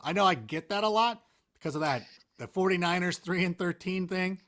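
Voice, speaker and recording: A man talking as a guest in a casual interview, animated, rambling and self-mocking. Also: high voice, brisk. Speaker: interview guest, NFL analyst.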